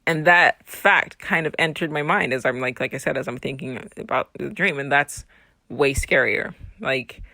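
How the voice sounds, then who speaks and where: A woman's voice: a bass voice, moderate pace, creaky, pushed and bright, no echo, studio quality. A woman talking casually in a rambling personal monologue. She laughs easily and swears freely. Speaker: vlogger.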